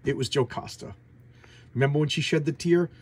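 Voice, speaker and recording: A man hosting a casual comic book review, talking excitedly and repeating himself as he gushes. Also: on the high side, fairly quick, slight background noise. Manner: excitable, gushing, repeats words. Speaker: comic book channel host.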